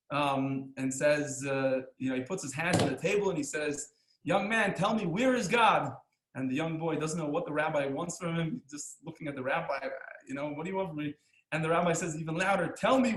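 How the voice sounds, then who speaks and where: A man teaching a class as a rabbi, telling stories and jokes in an animated, chuckling way, acting out the lines of the people in them. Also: on the high side, roomy sound, low-quality recording. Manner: animated, chuckling storyteller who acts out the characters' lines. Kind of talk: storytelling lesson with jokes.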